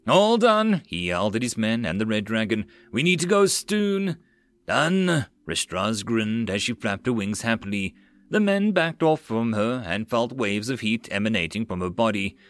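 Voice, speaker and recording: A man narrating a web novel as an audiobook, steady storytelling. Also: medium pitch, no room sound.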